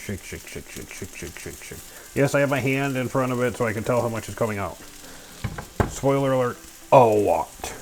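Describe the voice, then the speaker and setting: A man's voice: mid-range voice, animated, moderate pace. A man chatting casually to himself while cooking in a small home kitchen, goofy and full of silly sound effects.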